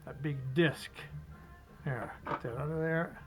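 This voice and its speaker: A man demonstrating fly tying step by step, chatty and relaxed, talking to himself as he works. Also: on the high side, a little slow, over music, low-quality recording. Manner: chatty, talks to himself while working, chuckles.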